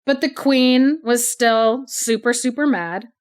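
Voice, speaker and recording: A woman's voice: fairly high pitch, takes it slowly, clear, resonant tone. A woman co-hosting a podcast, casually retelling a story with lots of "like" and frequent laughter. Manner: chatty, laughs often, heavy use of "like". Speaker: podcast co-host.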